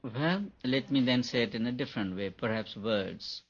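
Guy giving a meditation talk, husky voice, kinda muffled old recording. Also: mid-range voice, moderate pace. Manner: gentle, repetitive, chuckles often. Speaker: meditation teacher. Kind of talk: spiritual talk to an audience. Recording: dull lo-fi recording.

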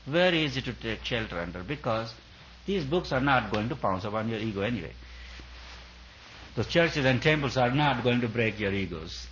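A man's voice: mid-range voice, lively intonation, moderate pace, fairly bright tone, dull audio, slight background noise. A man giving a sermon as a spiritual teacher, in an emphatic preaching style that repeats and builds on its phrases. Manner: emphatic, repetitive preaching cadence.

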